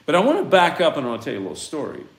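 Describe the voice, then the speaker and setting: A man's voice: on the high side, wildly swooping pitch, rapid-fire. Impassioned preacher man in an echoey room. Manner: swings from hushed asides to loud impassioned outbursts. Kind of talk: fiery sermon with scripture reading.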